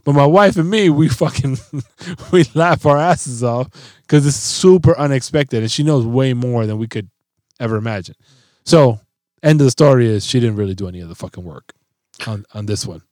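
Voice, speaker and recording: A middle-aged man spins a loose, profane story about his kids in a relaxed chat. He acts out the quotes as he goes. His voice sits at a middle pitch and is recorded close, with no room sound. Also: moderate pace, dry recording. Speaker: podcast co-host.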